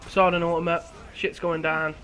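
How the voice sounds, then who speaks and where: Young guy talking through a match, chatty and self-mocking, bright, slightly high voice. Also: level tone, normal speed, slight background noise. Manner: chatty, laughs at himself, restarts words. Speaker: gameplay commentator. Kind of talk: casual game commentary.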